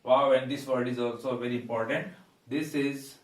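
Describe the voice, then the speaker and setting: A man teaching English pronunciation, pausing on fillers and repeating words slowly. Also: medium pitch, steady tone, far from the mic. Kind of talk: pronunciation lesson. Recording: echoey room, voice away from mic.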